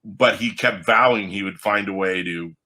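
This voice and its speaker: Speaking at a moderate pace, this man has a very bright and forceful voice. He's a comic book writer in a podcast interview, telling lively stories and raising his pitch sharply to act out the people he quotes.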